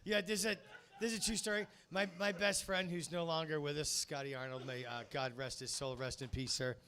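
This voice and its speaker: A man's voice: fairly high pitch, steady tone, moderate pace, bright, forceful tone. A man in his fifties hosting a live comedy show, telling a rambling story full of ums and uhs. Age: 50s. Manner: rambling storytelling with many fillers. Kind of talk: stand-up crowd work. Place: small comedy club, live audience.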